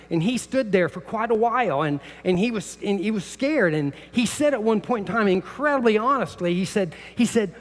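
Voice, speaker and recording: In a church sanctuary with a big-room sound, an older pastor's high-sitting voice carries a story-driven sermon. He tends to repeat words at the start of phrases and rises loudly whenever he quotes someone.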